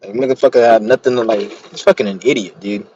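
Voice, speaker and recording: A man's voice: on the low side, fast talker, darkish tone, muffled recording, a little hiss or hum. A young man talking casually to the camera from his car, rambling and swearing while telling stories, agitated and blunt. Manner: profane, rambling, agitated storytelling. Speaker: vlogger.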